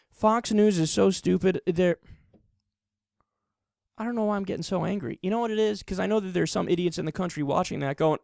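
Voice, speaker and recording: A man giving heated, sarcastic political commentary, mocking his opponents and sometimes rising to an angry near-shout. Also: sits high, fairly quick, creaky, dry recording, clean studio sound. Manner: sarcastic, mocking, mimics opponents in put-on voices.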